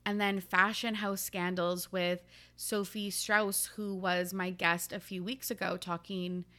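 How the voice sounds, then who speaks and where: A woman's voice: fairly low pitch, level tone, unhurried, bright, forceful tone. A young woman from the Pacific Northwest hosting her podcast, chatty and laughing often, with casual swearing. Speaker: podcast host. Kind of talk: casual chat.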